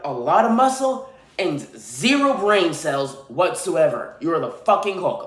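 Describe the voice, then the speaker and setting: A man with a somewhat high voice rants through his podcast, irritated and swearing freely. The room around him gives his voice a noticeable echo. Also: sing-song, unhurried, fairly bright tone. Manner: irritated, profane, ranting. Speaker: podcast host. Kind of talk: solo podcast rant. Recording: roomy echo.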